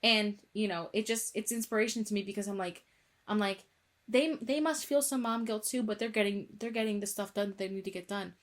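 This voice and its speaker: A young adult woman co-hosts a podcast, chatting casually and emphatically and repeating words as she goes. She has a medium-pitched voice and a brisk pace.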